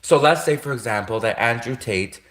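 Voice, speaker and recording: A man's voice: medium pitch, normal speed, a bit bright. A man ranting on a casual livestream, rambling and repeating himself, with frequent restarts and chuckles, in an echoey room. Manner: rambling, repetitive, with frequent self-corrections and chuckles. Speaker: livestream host.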